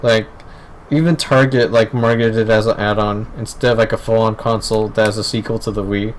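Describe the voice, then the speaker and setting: A man's voice: on the low side, level tone, fairly quick, low-quality recording. A young man hosting a casual gaming podcast, rambling with lots of fillers and casual swearing. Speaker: podcast host. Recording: faint background noise.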